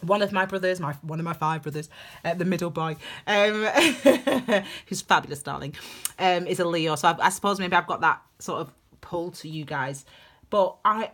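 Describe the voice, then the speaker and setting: Bright-voiced gushing woman. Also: fairly low pitch, moderate pace. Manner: gushing, chatty, calls listeners darlings. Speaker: tarot reader. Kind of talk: casual tarot reading to camera.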